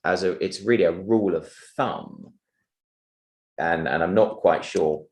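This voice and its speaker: A man cross-examining a witness at a public inquiry, polite and halting, with many restarts and fillers. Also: deep voice, creaky, reverberant. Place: public inquiry hearing room.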